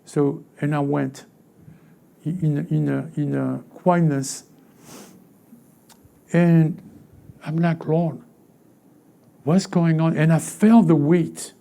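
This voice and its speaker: A male pastor delivers a sermon in a high, gravelly voice with a dark, mellow tone. He stumbles and repeats himself often, falling to near-murmurs between sudden loud bursts. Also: steady tone. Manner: halting, repeats words, swings from quiet to loud.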